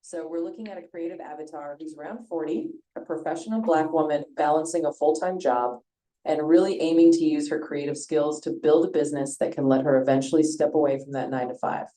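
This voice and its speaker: A synthetic female voice of an AI chat assistant, speaking in a smooth, even, upbeat way. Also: low voice, brisk. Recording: roomy echo.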